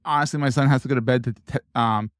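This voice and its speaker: A man's voice: mid-range voice, fairly even intonation, fast talker, clear, resonant tone, no room sound, studio quality. A man hosting a podcast interview, casual and enthusiastic, full of praise for his guest. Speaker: podcast host.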